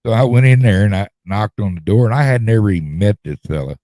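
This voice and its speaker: A fast-talking middle-aged man with a fairly low, mellow voice hosts a podcast, rambling through a long story in a folksy drawl. He repeats himself as he goes in this casual storytelling chat. No echo is present.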